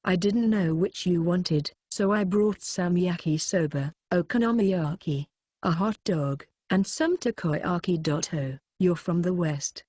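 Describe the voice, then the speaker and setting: A woman's voice: on the low side, unhurried, a little mellow, no echo, studio quality. A woman reading a flustered young schoolteacher. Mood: fussing. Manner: fretful, protective.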